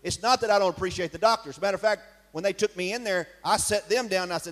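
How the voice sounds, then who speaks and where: A man's voice: high voice, rapid-fire, fairly bright tone. A man preaching a sermon in a church, emphatic and firing rhetorical questions at his congregation. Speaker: pastor.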